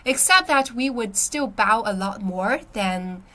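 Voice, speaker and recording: Chatty woman streaming, bright voice. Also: on the high side, animated, unhurried. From China. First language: Chinese. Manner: chatty, reads out viewer comments, frequent "my friend" and "yeah". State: recovering from illness, coughing. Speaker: livestream host. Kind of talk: casual live-stream chat.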